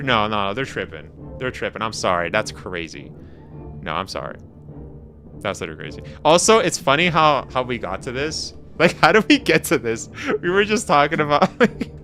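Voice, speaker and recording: A man from Canada chatting casually with his viewers on a game stream, animated and slangy, laughing often. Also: mid-range voice. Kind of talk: casual live-stream chat.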